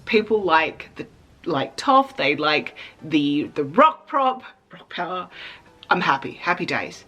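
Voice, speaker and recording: A young woman vlogging in a chatty, excitable way, fighting back tears as she talks. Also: low-pitched, slow pace, low-quality recording. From Australia. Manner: chatty, excitable, emotional, trying not to cry. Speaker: cosplay vlogger. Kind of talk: casual vlog talk.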